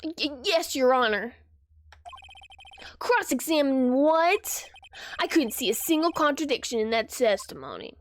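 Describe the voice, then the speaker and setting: A woman's voice: sits high, very animated, unhurried, pauses often. A woman voicing a nervous young male defense lawyer, hesitant and stammering.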